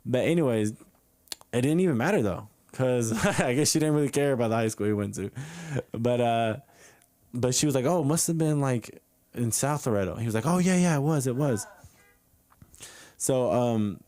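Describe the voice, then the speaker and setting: A man's voice: mid-range voice, a little mellow. A young man doing stand-up at an open mic, telling a rambling story full of fillers and chuckling at his own lines. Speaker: stand-up comedian. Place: comedy club open mic.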